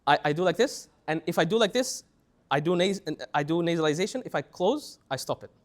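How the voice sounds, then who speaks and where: On the high side, this young man's voice carries a lively tajweed class. Repetition runs through his teaching, and he interrupts himself to chant example phrases at a slow pace.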